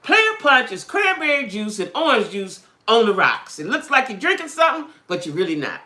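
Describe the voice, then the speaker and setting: Pitched fairly high and very animated, her voice is bright and forceful at a normal speed, with a roomy sound. She's a livestream host chatting with viewers about dating, blunt and streetwise, peppering her talk with "right?" and "you know what I'm saying?"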